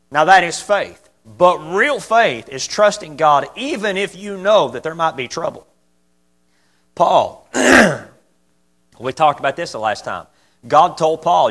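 Male preacher, middle-pitched, fervent but folksy, repeats his points, loud peaks and soft asides. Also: lively intonation, unhurried. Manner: impassioned, repeats key phrases, swings from loud to quiet. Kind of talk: sermon.

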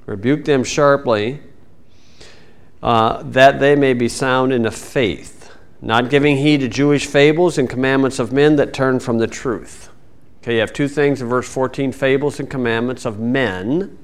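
A middle-aged man teaching a Bible lesson in a folksy, wry way, reading verses slowly and then speeding up. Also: medium pitch. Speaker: preacher.

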